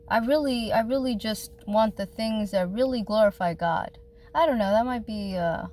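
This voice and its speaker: A woman talks in a rambling, heartfelt way to her viewers about faith, her voice sitting a little high. She is in a parked car outdoors. Clear traffic and street noise carry behind her. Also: low-quality recording. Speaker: vlogger. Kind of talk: casual faith vlog.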